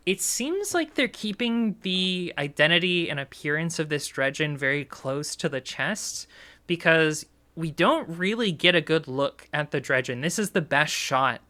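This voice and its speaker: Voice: medium pitch, bright, forceful tone. A video creator chatting casually through a game lore breakdown, speculating aloud with lots of filler words.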